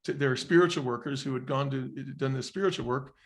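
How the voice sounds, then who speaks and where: A man's voice: mid-range voice, fairly quick. A middle-aged man speaks as a podcast guest and tells a personal story. His delivery is earnest and reflective. He slips into the voices of the people he quotes. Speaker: interview guest, former restaurant chain executive.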